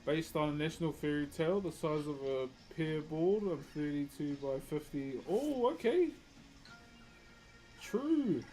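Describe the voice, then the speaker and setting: A man's voice: fairly high pitch, steady tone, moderate pace, hardly any pauses, a little mellow, faint music behind. A young man chatting casually on a live stream, laid-back and laughing often. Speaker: livestreamer and wood carver.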